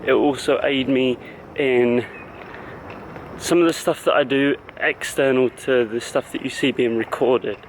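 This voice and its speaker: A man's voice: medium pitch, fairly even intonation, a little slow, slight background noise, low-quality recording. A man who coaches fitness, talking casually to the camera in a vlog and explaining things in loose, stop-start phrases.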